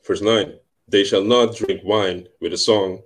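A man co-hosting a casual live stream, chatting in a relaxed way and reading Bible verses aloud steadily. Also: on the low side, measured pace. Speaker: co-host reading scripture.

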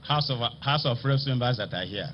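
A Nigerian man addresses a ceremony from a podium microphone, his pitch swinging widely as he stresses key words. The audio is slightly dull, with faint ambience from the venue behind him. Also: lively intonation, slight background noise. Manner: oratorical, slow emphatic delivery with rising stresses. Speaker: state assembly speaker. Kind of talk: formal ceremonial speech.

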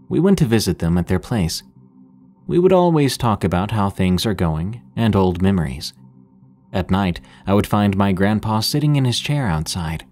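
A man narrating scary stories in a steady, measured way as the show's host. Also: fairly low pitch. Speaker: horror story narrator. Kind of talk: scripted narration of horror stories.

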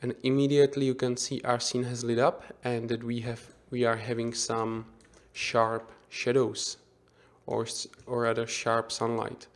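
A man of middle pitch talks slowly and unhurriedly through a screen-recorded software tutorial. He thinks aloud as he works, often restarting a phrase and correcting himself partway through. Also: monotone. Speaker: 3D visualization instructor.

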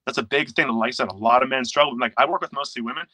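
A young man speaking as a coach in a casual interview, rattling along at a fast clip. His voice is bright and forceful. He is animated and slips into quoted inner voices as he explains. The recording is dry and close. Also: mid-range voice, no echo, rough recording.

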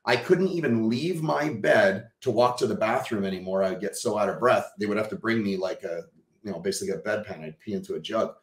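A man from Texas, a podcast guest, telling a personal story in an animated way, casually swearing and acting out what people said. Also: fairly low pitch, a little fast, echoey room.

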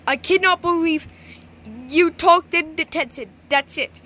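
Synthetic woman as a high-voiced, slow, stiffly scolding cartoon authority woman. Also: sharp tone, slight background noise, heavily acted. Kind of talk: text-to-speech cartoon voices.

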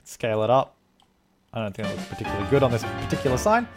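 Over music, an Australian streamer gives live gameplay commentary in a fast, sing-song, mid-range voice. Thinking aloud as he plays, he rambles and thanks his viewers for their donations.

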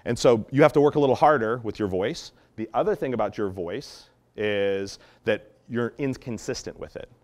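A man explaining dog training methods in an animated teaching talk, acting out example tones of voice as he goes. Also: medium pitch, moderate pace, few pauses. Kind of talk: instructional talk.

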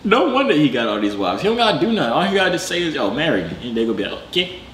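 A young man hosting a reaction video, joking in slangy casual commentary with sudden excited jumps in pitch. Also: rapid-fire, reverberant, a little hiss or hum.

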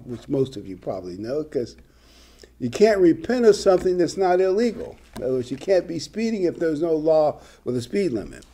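Older guy preaching, husky and warm, swings his pitch a lot, reads scripture then jokes around. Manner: conversational, animated preaching with asides and light humor. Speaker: pastor. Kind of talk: sermon with scripture reading.

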